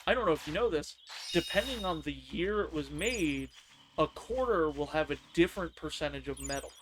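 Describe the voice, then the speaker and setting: A man streaming a game, telling work stories in a casual, animated way and acting out his coworkers' lines. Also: a little high, normal speed, slight background noise. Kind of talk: casual storytelling on a live stream.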